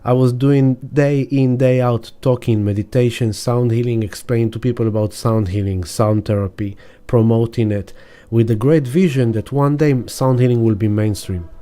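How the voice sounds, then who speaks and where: A man giving a casual weekly astrology talk in a reflective, halting way, with fillers and restarts. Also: mid-range voice, fairly even intonation, warm tone. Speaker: astrologer and sound healer.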